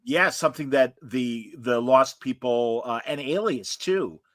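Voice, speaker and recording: A man's voice: medium pitch, unhurried, a bit bright, no echo. A man hosting a casual chat show, talking in a rambling way with lots of fillers and restarts. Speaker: host.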